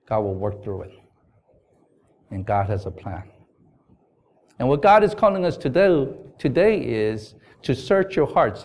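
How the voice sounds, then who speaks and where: A man's voice: a little high, a little mellow. A man giving a sermon as a pastor, telling a family story and reading scripture aloud in an earnest, conversational way. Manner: earnest, conversational preaching with asides to the congregation.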